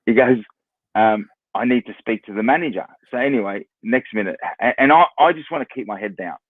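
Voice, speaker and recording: A man's voice: medium pitch, brisk, slightly rough, dry recording, narrow, tinny audio. A man from Australia with an Australian accent, a former footballer telling anecdotes as a guest. He talks casually, repeats words and acts out what others said. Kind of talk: casual storytelling.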